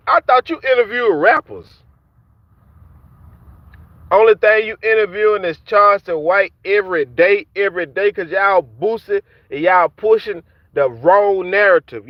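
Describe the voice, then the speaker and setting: High-pitched man ranting angrily. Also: dry recording. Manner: heated, repetitive, taunting. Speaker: vlogger ranting at rappers. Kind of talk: angry street-talk rant to camera. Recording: dull dry lo-fi sound.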